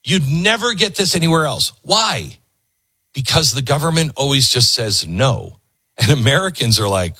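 A male talk show host comments on clips with an emphatic, preachy delivery. His pitch swings widely, and the voice is bright with a husky edge. The sound is dry and close. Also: very animated, unhurried, no room sound.

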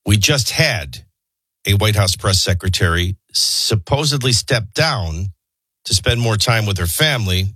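A man's voice: lowish voice, animated, a little slow, sharp tone, slightly rough, dry recording. A man hosting a morning radio show, reading the news with opinionated, sardonic asides. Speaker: radio talk show host.

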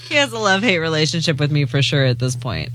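A woman's voice: sits low, very animated, quick pace, a bit bright, faint music behind. A young woman co-hosting a late-night radio chat, playful and self-mocking, laughing often. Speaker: radio show co-host.

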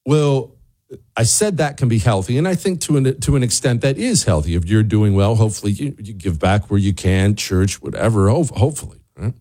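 A man's voice: lowish voice, animated, brisk, dark tone. A man hosting a talk show, delivering a sarcastic, ranting commentary monologue that drifts into asides. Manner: wanders off on asides.

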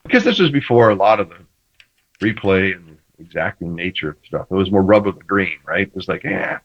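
Man, former quarterback, animated storyteller, playful quoted banter, dull lo-fi sound. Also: low voice, brisk, slightly rough. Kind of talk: casual sports talk.

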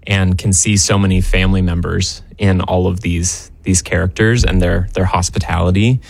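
A young male stage actor answering interview questions in an earnest, friendly, halting way. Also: sits low, steady tone, gravelly, dry recording. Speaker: musical theater actor. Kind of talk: casual radio interview.

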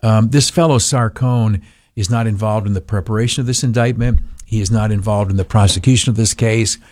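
A man's voice: lowish voice, fairly even intonation, fairly quick, a little mellow, no room sound, clean studio sound. An older man hosting talk radio, rambling with many fillers and turning blunt and indignant. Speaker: radio talk show host.

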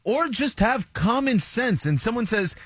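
A man's voice: very high-pitched, lively intonation, measured pace, a bit bright, slightly rough, dry recording, clean studio sound. A male comedian from South Florida, a guest on a radio show, talking emphatically and defending himself. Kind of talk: casual radio talk.

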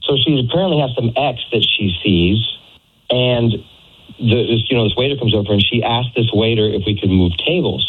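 On a phone line, a man tells a radio host his side of a date, hesitating and using many fillers as he tells the story. His voice is mid-range and fairly quick, with a breathy edge.

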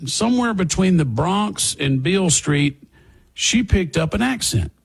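A man's voice: sits high, sing-song, unhurried, gravelly, husky. A man hosting a political talk radio show, sarcastic and emphatic. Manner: sarcastic, emphatic, repeats phrases. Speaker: radio host.

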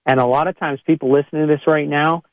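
A man's voice: on the high side, fairly even intonation, fast talker, no echo. Man with a tinny phone-like sound. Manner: conversational, acts out quoted people in a raised voice. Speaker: chiropractor. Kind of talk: podcast monologue to listeners.

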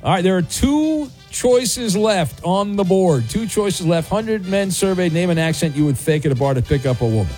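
High-voiced joking male radio game host. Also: lively intonation, normal speed, hardly any pauses, a little mellow, faint music behind. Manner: jokey, self-mocking, lots of uh fillers. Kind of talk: morning radio game show hosting.

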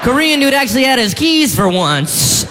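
A man from South Carolina doing a stand-up comedy set, jumping into high-pitched impressions. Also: big pitch swings, a little fast, big-room sound, noisy background. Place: comedy club stage.

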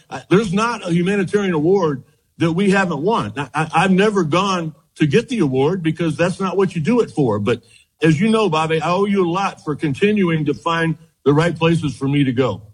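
A man, a former baseball pitcher, telling lively stories as a guest in an interview, often repeating himself as he goes. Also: fairly quick, husky, poor audio. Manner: animated storyteller, quotes others, repeats words. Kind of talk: storytelling interview chat.

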